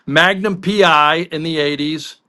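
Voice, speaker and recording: Guy on a sports podcast, kinda high bright voice, rambling story mode. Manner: chatty anecdotal storyteller, quick asides. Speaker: podcast co-host. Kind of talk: casual sports talk.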